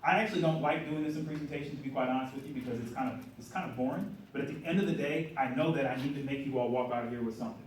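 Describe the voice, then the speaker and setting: A middle-aged man giving an energetic motivational talk at a conference, often asking the audience questions. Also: medium pitch, racing, hardly any pauses, a little hiss or hum. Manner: energetic, asks the room questions. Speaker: conference speaker. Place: conference hall. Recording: roomy hall audio from a distance.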